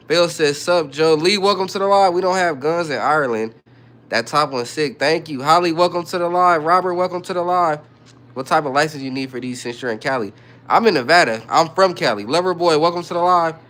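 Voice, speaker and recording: A man's voice: fairly high pitch, a bit bright. Laid-back man reading chat aloud. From California, Bay Area. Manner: laid-back, reads chat comments aloud and greets viewers. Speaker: livestream host. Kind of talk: casual livestream chat reading comments.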